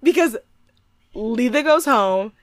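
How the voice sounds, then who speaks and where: A woman's voice: a little high, expressive, slow pace, crowd noise. A woman co-hosting a casual show, recapping TV with friends; she laughs often and swears freely. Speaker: podcast co-host.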